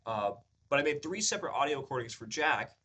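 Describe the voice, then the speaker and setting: A man vlogging about his acting journey in a casual, rambling way, full of fillers and restarts, his voice lifted above its usual low register as he talks. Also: expressive, fast, bright, forceful tone, husky. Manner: rambling, upbeat storytelling with many fillers and restarts; says his pitch rises above his normal low voice when he talks at length. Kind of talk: casual vlog chat.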